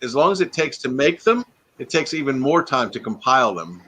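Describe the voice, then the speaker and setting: A man's voice: medium pitch, very animated, fairly quick, sharp tone, breathy edge. A man hosting a livestream, rambling in casual chat and joking about himself. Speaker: livestream host.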